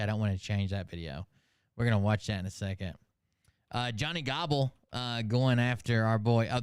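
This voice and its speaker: Guy with a low voice riffing on clips, chill and a bit crude. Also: darkish tone, clean tone, no echo, clean studio sound. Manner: loose, profane, easygoing. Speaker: streamer reacting to clips. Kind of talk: casual live commentary.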